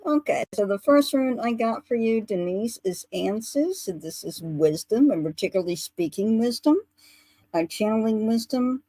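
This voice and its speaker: A woman psychic medium giving a spiritual rune reading on a livestream, explaining steadily with filler pauses. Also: a little high, animated, dark tone, no room sound, low-quality recording.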